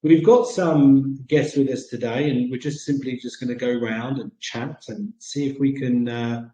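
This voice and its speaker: A man's voice: mid-range voice, steady tone, a little slow, dark tone, reverberant, poor audio. A man with a British accent hosting a casual chat segment, rambling with many ums and uhs. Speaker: segment host.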